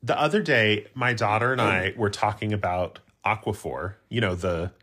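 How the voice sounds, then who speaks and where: A woman co-hosting a casual podcast, telling rambling stories in a deadpan way and swearing freely. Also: extremely low pitch, moderate pace. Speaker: podcast co-host.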